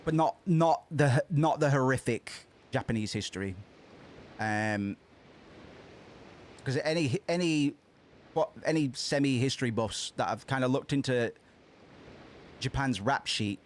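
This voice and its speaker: A man's voice: medium pitch, a little slow, long pauses, slight background noise. A man streaming a game, chatting in casual let's-play commentary, rambling with frequent restarts and casual swearing. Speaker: gaming streamer.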